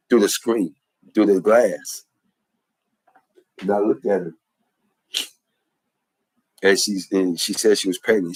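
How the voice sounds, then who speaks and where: A man with a low, husky voice delivers an impassioned spoken testimony, preaching earnestly with heavy repetition and emphatic rhythms. The sound is dry and close, without any room echo.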